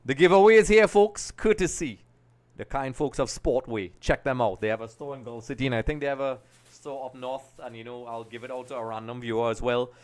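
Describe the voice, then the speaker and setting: A middle-aged Trinidad and Tobago man talks briskly in a mid-range voice while hosting a live football watch-along. Chatty throughout, he greets viewers by name, reacts to the match, and gets worked up over goals.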